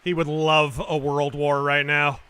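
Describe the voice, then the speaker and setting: A man's voice: a little high, completely flat delivery, a little slow, bright, forceful tone, smooth. A man hosting a live reaction stream, making sarcastic, mocking asides. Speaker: streamer and host.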